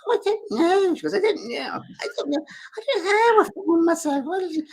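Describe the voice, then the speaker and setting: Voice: extremely high pitch, animated, fairly quick, pitched above the performer's own voice. A man voicing a simple Scottish woman spirit, chatty and wondering, in a put-on Scottish accent. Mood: bewildered. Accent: attempted Scottish.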